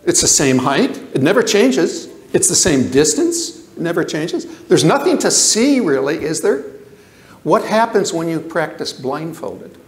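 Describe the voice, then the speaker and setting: An older man giving a lecture, animated, asking the audience questions and repeating himself for emphasis. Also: on the high side, measured pace, echoey room. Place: lecture hall.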